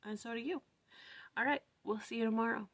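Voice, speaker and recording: A vlog host with a fairly high voice, speaking a little fast, muses aloud over scripture at home during a casual morning study. She thinks out loud in a chatty way, sprinkling in lots of "like" and "right?".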